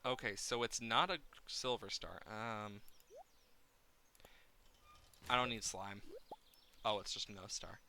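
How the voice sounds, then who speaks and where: A man live-streaming a farming game, rambling playfully and getting excited. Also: on the low side, takes it slowly, pauses often, slight background noise.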